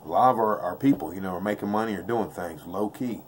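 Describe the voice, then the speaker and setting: A lowish male voice talks through a craps throw in loose, slangy, repetitive chat. He is blunt and intense, with a faint hum of room noise behind him. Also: fast. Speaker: craps dice-control instructor. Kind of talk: casual tabletop tutorial. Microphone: off-camera voice, face never shown.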